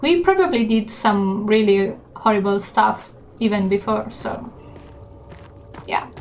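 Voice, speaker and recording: A woman streamer giving gaming stream commentary, chatty and unhurried with many fillers. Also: medium pitch, expressive, a little hiss or hum. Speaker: game streamer.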